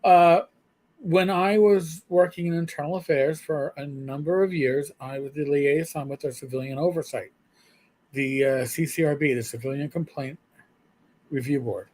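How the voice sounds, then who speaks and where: A man's voice: fairly high pitch, normal speed, darkish tone. A man, a former police sergeant, telling stories in a loose, rambling way with many fillers and blunt swearing. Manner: rambling, frequent fillers and restarts, blunt profanity. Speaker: retired police sergeant, guest. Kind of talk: casual storytelling chat.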